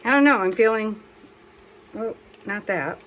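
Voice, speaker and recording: A woman's voice: medium pitch, a little slow, fairly bright tone, low-quality recording. Crafty lady rambling along while she paints, talks to herself, faint hiss behind. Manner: chatty, self-talking while working, scolds herself. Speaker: craft vlogger. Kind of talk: casual crafting chat.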